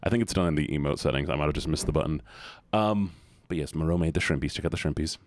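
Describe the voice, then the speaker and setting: This man is streaming live and chatting casually with his viewers, rambling and joking at his own expense. His very deep voice moves fast, and the studio-quality recording has no room sound.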